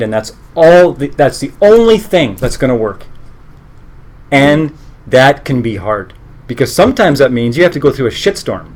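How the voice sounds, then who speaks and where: A man teaching a live meditation class in an earnest, conversational way, breaking off and restarting his sentences and adding joking asides. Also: a little high. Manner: conversational, earnest, self-interrupting.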